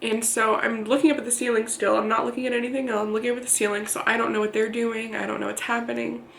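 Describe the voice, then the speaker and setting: A woman in her thirties speaks in a candid, plain-spoken way, often pausing and restarting. Her voice sits a little high and carries a gravelly, creaky edge. She records a personal vlog in a room with noticeable echo. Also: level tone, a bit bright, a little hiss or hum. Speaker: vlogger. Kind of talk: personal storytelling to camera.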